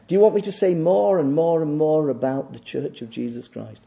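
A man preaching a sermon, emphatic and repetitive, swinging between loud declaiming and quiet asides. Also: fairly high pitch, brisk, creaky, few pauses. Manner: emphatic, repeats phrases for stress. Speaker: pastor.

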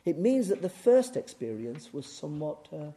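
A man preaching a sermon, swinging from booming emphasis to hushed, intense delivery. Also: big pitch swings, moderate pace.

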